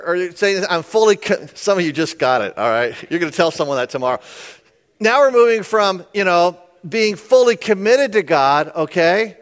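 High-voiced man preaching conversationally. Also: fairly bright tone. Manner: conversational, checks in with listeners, puns and jokes. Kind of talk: sermon teaching from scripture.

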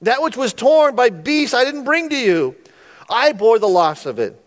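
A man's voice: sing-song, measured pace, in a large hall, exaggerated voice. A man voicing an indignant aging shepherd, reading his complaint from scripture in a strained, raised voice. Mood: exasperated. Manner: heated, high-pitched reading of scripture.

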